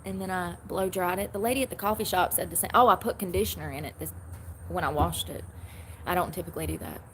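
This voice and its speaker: Woman, lowish voice, chatty rambling livestream talk, phone mic, faint hiss behind. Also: fast. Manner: chatty, rambling, reads and answers comments. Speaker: livestream host. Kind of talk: casual livestream chat.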